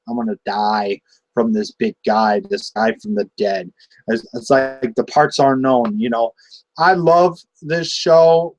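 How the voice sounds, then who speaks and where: A young man talks through a wrestling show on his own, rambling and excitable, tripping over restarts and fillers. His voice sits at an ordinary middle pitch. The recording is dry and close. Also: no echo, poor audio. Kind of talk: casual solo review.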